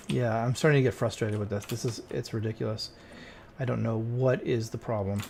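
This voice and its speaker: A man mutters his way through a cleaning game, exasperated and talking straight at the screen. His voice sits mid-range with a gravelly edge. A faint hiss runs under the home desk recording. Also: mid-range voice, steady tone, brisk. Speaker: streamer playing a cleaning game. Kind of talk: casual gameplay commentary.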